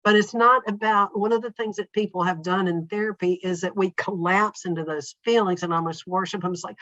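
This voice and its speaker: A woman with a lowish voice speaks as a podcast guest, calm and reflective, now and then voicing her inner thoughts as quoted lines. The sound is dry, with a slightly dull, muffled quality. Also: brisk, few pauses, dry recording. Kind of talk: reflective conversational interview.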